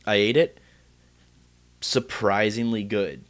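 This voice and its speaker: Low-voiced man hosting a rambling chat. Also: steady tone, takes it slowly. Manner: rambling, frequent restarts. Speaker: podcast host. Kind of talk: casual chat.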